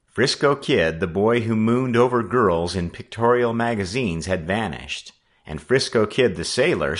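A man with a low voice narrates an audiobook, bright and forceful in tone. His reading is lively, swinging widely up and down to carry the adventure along. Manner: animated reading.

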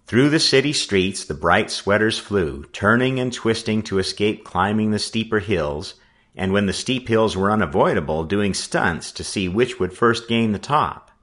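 A man narrating a story in an expressive, scripted reading style. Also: lowish voice, moderate pace. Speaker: audiobook narrator.

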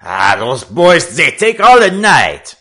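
A man voicing a rough, impatient boat captain who shouts his orders in a storybook reading. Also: on the high side, wildly swooping pitch, slow pace, pitched above the performer's own voice, exaggerated voice.

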